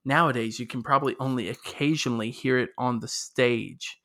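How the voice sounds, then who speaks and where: A man co-hosting a casual chat, laughing often and telling stories in an animated way. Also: medium pitch, brisk.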